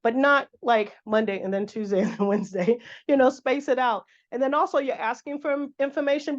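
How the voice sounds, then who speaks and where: A woman's voice: high voice, steady tone, brisk, few pauses. A woman teaching a career workshop in a chatty, casual way, often acting out sample calls to contacts. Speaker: workshop instructor. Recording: dull lo-fi room recording.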